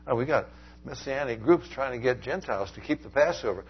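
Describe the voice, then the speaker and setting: A man preaching a Bible sermon, animated, swinging from loud emphatic lines down to quiet asides. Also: mid-range voice, fairly quick, breathy edge, dull audio.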